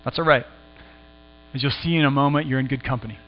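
A man preaching a sermon, retelling a scripture story dramatically, sometimes falling to a hush and sometimes rising in excitement. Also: mid-range voice, fast talker. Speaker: pastor. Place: church sanctuary. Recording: muffled hall recording with mains hum.

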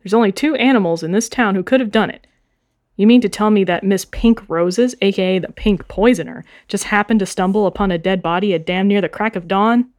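A woman's voice: medium pitch, brisk, a little mellow, natural voice. A woman voicing a brash male chicken police officer, sarcastic and pushy.

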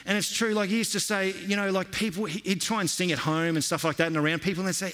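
A man preaching a sermon, telling stories in a lively, conversational way. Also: high-pitched, quick pace, few pauses. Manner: storytelling, animated and conversational. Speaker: pastor. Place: church hall. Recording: long reverb of a church hall.

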